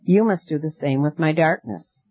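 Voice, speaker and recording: A man voicing a gentle girl who lives in darkness, speaking softly, earnestly and coaxingly, in a dull, dry lo-fi recording. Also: on the high side, moderate pace, no room sound, close to an everyday voice. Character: gentle night-dwelling girl, soothing and firm.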